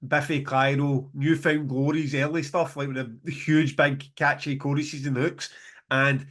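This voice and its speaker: A man's voice: mid-range voice, little pitch movement, unhurried, a bit bright. A man co-hosting a podcast, chatting enthusiastically and rambling with many restarts. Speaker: podcast co-host, festival promoter. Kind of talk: casual chat.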